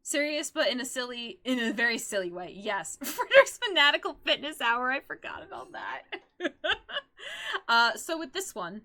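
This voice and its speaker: A woman streaming live, chatting casually about her favorite characters in an excitable, giggly, rambling way, often breaking into squeals. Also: fairly high pitch, moderate pace.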